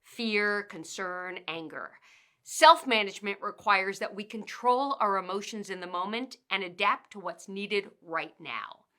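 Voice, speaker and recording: A woman delivers workplace guidance in a crisp, bright voice. She speaks with a trainer's measured pacing and steps through her points one by one in instructional narration. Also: mid-range voice. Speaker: workplace communication trainer and author.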